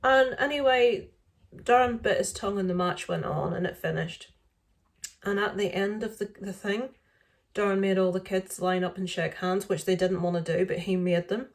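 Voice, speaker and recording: A middle-aged woman talks straight to her camera, recounting a story in a casual, rambling way. Her voice sits at an ordinary middle pitch, and she sounds indignant, full of "um"s and restarted sentences. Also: steady tone, moderate pace. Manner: indignant retelling, lots of fillers and restarts. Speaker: vlogger.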